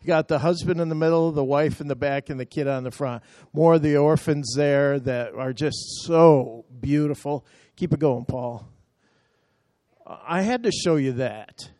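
A man's voice: a little high, normal speed, mellow, dry recording, clean studio sound. A man talking a church through slides from a mission trip, chatty and emotional, telling the operator to move on.

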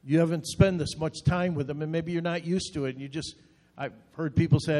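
High-voiced pastor man preaching. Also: fairly even intonation, brisk, a little mellow. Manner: earnest, direct appeals with repeated short phrases. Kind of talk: sermon. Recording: long reverb.

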